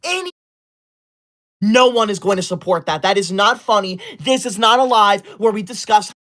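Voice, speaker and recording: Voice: medium pitch, expressive, moderate pace, fairly bright tone. A livestream host reading super chats aloud in a comedic bit, scolding viewers in a fussy, easily offended, school-loving persona.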